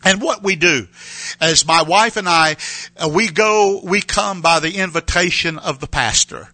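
A man preaching an earnest mission appeal, halting and repeating words with many fillers. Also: high voice, bright, forceful tone, no room sound, poor audio. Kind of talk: sermon appeal.

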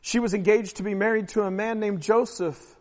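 A man preaching a sermon as pastor, emphatic and swelling louder on key phrases. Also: high voice, steady tone, fairly quick. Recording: long hall reverb.

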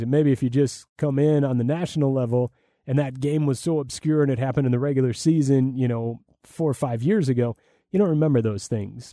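Enthusiastic man with a dark voice. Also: mid-range voice, no echo, clean studio sound. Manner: rambling, enthusiastic, many fillers and restarts. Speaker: play-by-play broadcaster. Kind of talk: conversational interview answers.

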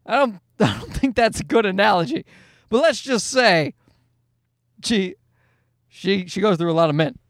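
A man hosting his podcast alone from home, rambling through a jokey, sarcastic monologue with quick asides. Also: sits high, animated, fairly bright tone, no room sound, studio quality. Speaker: podcast host. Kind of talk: casual comedic monologue.

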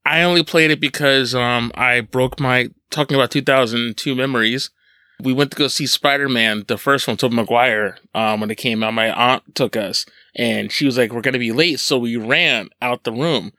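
Co-host: young American guy, excitable and expressive, bright tone, dry close mic. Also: mid-range voice, moderate pace, no echo. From United States. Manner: excitable, laughs loudly, swears. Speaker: podcast co-host. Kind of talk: casual chat about music.

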